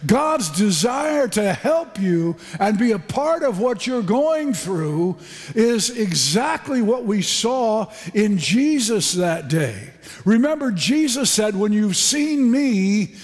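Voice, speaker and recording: Male preacher, high-pitched, unhurried, emphatic sermon delivery, long hall reverb. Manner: fervent, emphatic preaching with repeated phrases.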